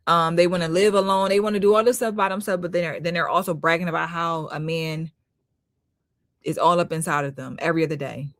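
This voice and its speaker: A woman's voice: on the low side, steady tone, quick pace, a bit bright, no echo, studio quality. A woman hosting a live-stream commentary, critical in tone, often repeating herself for emphasis and talking to viewers as "y'all". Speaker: host.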